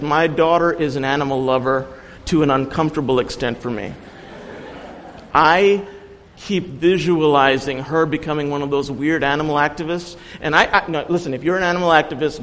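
A man's voice: a little high, normal speed, a bit bright, big-room sound, low-quality recording. A man giving an earnest sermon as a guest preacher, telling personal stories with light humor.

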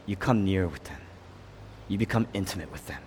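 A man preaching a sermon with passion, rising to loud peaks and dropping to hushed lows. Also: lively intonation, fairly quick, slight background noise. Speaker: pastor. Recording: long hall reverb.

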